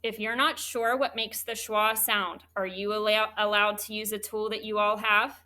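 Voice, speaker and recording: A woman teaching a third grade spelling lesson, spelling words out slowly and clearly letter by letter. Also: mid-range voice, level tone, sharp tone.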